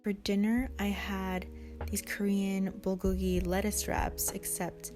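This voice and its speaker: A woman's voice: mid-range voice, little pitch movement, takes it slowly, music in the background. A woman in her twenties narrating a casual food vlog in a chatty, giggly way, full of fillers. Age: 20s. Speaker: vlogger.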